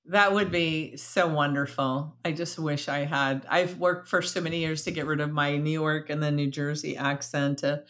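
Low-voiced bubbly woman hosting. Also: steady tone, moderate pace, few pauses, fairly bright tone. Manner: bubbly, talkative, laughs easily. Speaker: podcast host. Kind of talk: casual interview chat.

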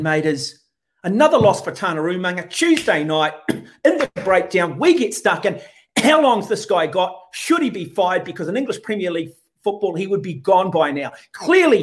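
A man, voice sitting high for a man. He rants in blunt, sarcastic bursts, as in a heated sports chat. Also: big pitch swings, moderate pace. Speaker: rugby podcast co-host.

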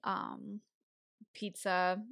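A young woman co-hosts a podcast in casual chat, laughing easily and often saying "like." Her medium-pitched voice is gravelly with a fairly bright tone, and her delivery is flat and very slow. The recording is clean studio sound with no room sound.

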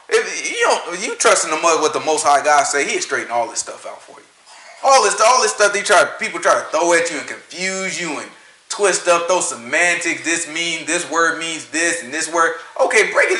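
Animated high-voiced southern man ranting. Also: reverberant, poor audio. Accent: Southern American. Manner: preachy, argumentative, rhetorical questions, laughs at own points. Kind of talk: casual ranting monologue.

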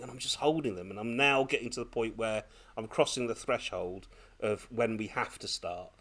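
A man on a podcast telling a lively personal story in casual chat, laughing often as he goes. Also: mid-range voice, brisk. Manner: animated, laughing, breathless when excited. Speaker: podcast co-host.

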